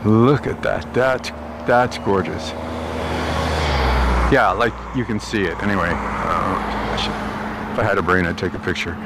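Gravelly low-voiced man musing on a walk. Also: heavy background noise. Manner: meandering, musing aloud with pauses and restarts. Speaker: vlogger. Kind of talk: rambling walk-and-talk monologue. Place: outdoors, walking through a park on the way home.

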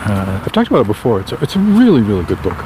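A man's voice: on the low side, wildly swooping pitch, very fast. A man, a novelist, rambling casually while walking along a town street. He wanders between thoughts, corrects himself often and makes dry asides. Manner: meandering, self-correcting, wry. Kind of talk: casual rambling monologue on a walk. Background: faint traffic.

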